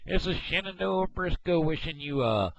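A man from Missouri talking casually to camera on his video blog, halting often with fillers and restarts, recorded on a headset microphone at home. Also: on the high side, expressive, creaky. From Missouri, USA. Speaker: video blogger. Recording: dull lo-fi headset mic.

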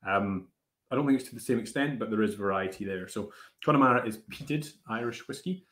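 A man's voice: on the low side, fairly quick, fairly bright tone. A man hosting a whisky tasting, chatting casually with many fillers and restarts. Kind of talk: casual live tasting chat. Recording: roomy echo.

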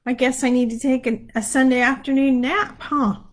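A woman's voice: sits high, steady tone, moderate pace, rough recording. A woman leading a livestreamed prayer, chatting casually and laughing as she keeps yawning, speaking from a room at home. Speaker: prayer leader. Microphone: phone or webcam livestream.

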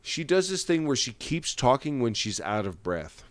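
A man's voice: medium pitch, big pitch swings, moderate pace. Ranting, profane male podcast host. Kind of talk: casual podcast commentary.

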